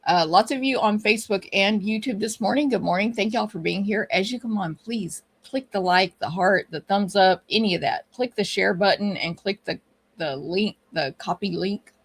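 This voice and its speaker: Gravelly Texan woman hosting a live chat. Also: mid-range voice, normal speed. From Texas. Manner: chatty, greets viewers one by one. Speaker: livestream host and papercraft teacher. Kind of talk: casual live-stream chat.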